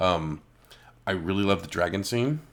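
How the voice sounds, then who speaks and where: A man's voice: sits low, normal speed. A man co-hosting a casual chat, telling a profane story about a rude moviegoer and acting out the people in it. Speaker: co-host.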